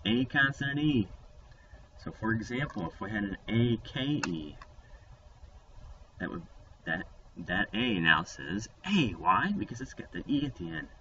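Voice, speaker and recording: A man's voice: mid-range voice, fairly bright tone. A man teaching young children a phonics lesson in a playful, upbeat way. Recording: distant mic, dull lo-fi sound, faint noise.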